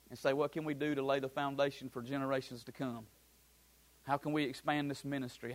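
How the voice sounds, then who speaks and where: A man preaching a sermon as pastor, building his points through repeated phrases and breaking into casual asides. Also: mid-range voice.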